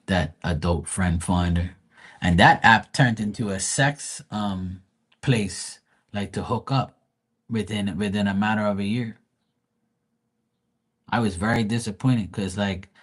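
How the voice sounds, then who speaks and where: A man's voice: on the low side, measured pace, breathy edge. A man hosting a live stream, telling rambling stories and ranting bluntly with a lot of swearing. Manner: profane, blunt, rambling storytelling. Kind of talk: casual ranting chat.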